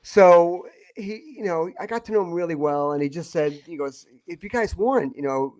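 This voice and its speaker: A man's voice: a little high, animated, moderate pace, a little mellow. A man who is a podcast guest, telling a rambling story with many restarts and quoted asides. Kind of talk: casual anecdote telling.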